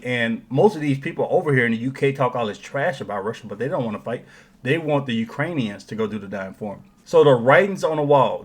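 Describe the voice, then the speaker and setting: A man hosting a political commentary show, talking in an opinionated, sarcastic way and mocking others in put-on quotes. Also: mid-range voice.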